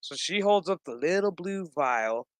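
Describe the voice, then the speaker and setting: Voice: medium pitch, animated, unhurried, no room sound. A vlogger recapping a TV episode in casual, rambling commentary, profane and sarcastic throughout.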